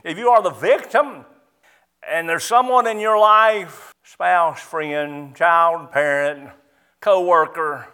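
A man's voice: on the high side, pushed and bright. A middle-aged man preaching a sermon as pastor, emphatic and repetitive, stressing key words.

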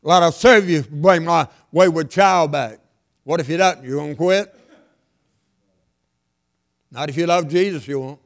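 An older man preaching a sermon, repeating lines for emphasis and swinging between loud and hushed delivery. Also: a little high, moderate pace, pauses often.

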